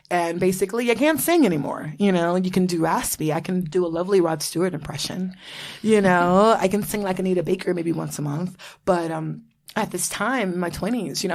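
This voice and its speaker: A woman's voice: lowish voice, gravelly. A woman in her thirties from Florida, hosting a casual podcast chat, bubbly and laughing often, swearing freely. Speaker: podcast host.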